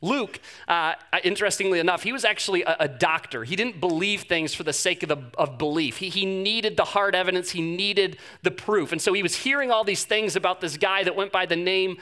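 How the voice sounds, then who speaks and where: Male pastor, high bright voice, animated humorous sermon delivery, stammery. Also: a little fast, hardly any pauses.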